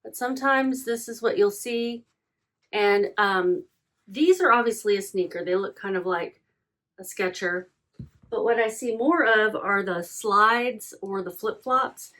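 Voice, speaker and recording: A woman's voice: mid-range voice, fairly bright tone. A woman vlogger chatting casually as she packs and ships her online sales, thinking aloud and repeating herself. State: yawning, hiccuping. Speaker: reseller vlogger. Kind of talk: casual chatty vlog while packing orders.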